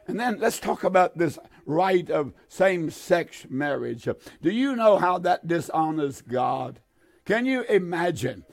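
A man in his eighties preaching a fervent sermon, pleading with listeners and pausing often on "uh". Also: high-pitched. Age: 80s. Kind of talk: radio sermon.

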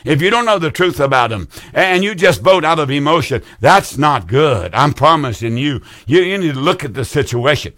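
A man's voice: fairly high pitch, fairly bright tone. A man, hosting a call-in radio show and preaching in an emphatic, repetitive, folksy way. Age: 70s.

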